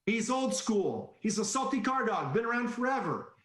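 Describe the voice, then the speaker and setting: A man's voice: very high-pitched, moderate pace, echoey room. A man presenting a sales training webinar, telling anecdotes with jokes and acted-out voices. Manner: animated storyteller, jokes and acts out quoted voices.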